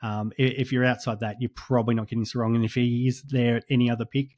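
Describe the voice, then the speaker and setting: An Australian man speaks as a podcast guest in a relaxed, hesitant way, full of ums and little restarts. His voice stays flat and even in pitch. The sound is dry and close. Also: fast talker, no echo. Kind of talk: casual podcast chat.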